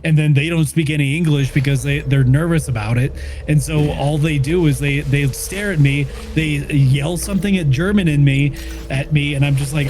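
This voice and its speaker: A man's voice: a little high, normal speed, a little mellow, a little hiss or hum. A man hosting a game stream, telling long rambling stories in casual chat and swearing freely. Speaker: streamer host.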